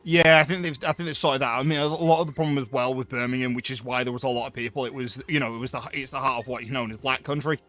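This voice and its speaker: A man's voice: mid-range voice, fairly even intonation, rapid-fire, few pauses, a bit bright, faint music behind. A man chatting casually while streaming a game, rambling with lots of ums and asides.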